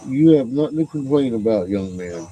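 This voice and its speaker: A man at home talking casually to his dogs, swearing freely and slipping into high coaxing pet talk. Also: expressive, fairly quick, dark tone, slight background noise, low-quality recording.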